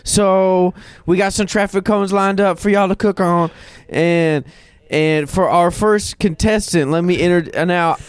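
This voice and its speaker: A man with a high-pitched voice riffs through an improvised comedy bit as host. He rambles, swears and stays deadpan, with a smooth, clear tone. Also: measured pace, hardly any pauses, no room sound. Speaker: podcast host.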